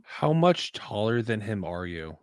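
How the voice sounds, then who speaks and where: A man's voice: on the low side, big pitch swings, measured pace, smooth, dry recording, clean studio sound. A man chatting casually and joking as a player at a tabletop game.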